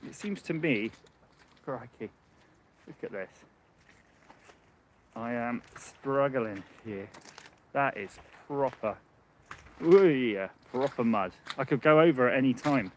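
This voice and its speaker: A man of middle pitch rambles in easy live chat, laughing often as he talks. He walks outdoors on a muddy path with his phone in hand, and a faint hum of outdoor air sits behind his voice. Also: expressive, slow pace, long pauses. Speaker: livestream host. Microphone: handheld phone.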